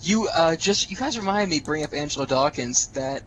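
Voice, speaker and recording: A man's voice: on the high side, expressive, normal speed, a bit bright, a little hiss or hum, low-quality recording. A man co-hosting a casual wrestling podcast, jokey and explaining things to listeners. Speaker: podcast co-host.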